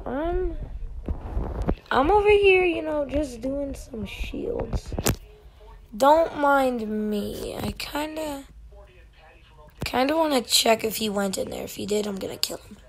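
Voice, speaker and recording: Woman, casual gameplay commentary, lively swooping voice, unhurried, playful beeping noises, whispered asides. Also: high voice, vocal fry.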